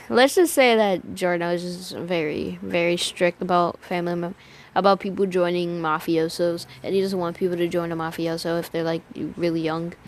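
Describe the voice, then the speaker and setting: A woman's voice: on the low side, fairly even intonation, moderate pace. A woman improvises a fan story aloud in a loose, rambling way. She keeps restarting sentences and mixing up character names, and she drops casual swear words as she goes. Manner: rambling, many restarts and name slips.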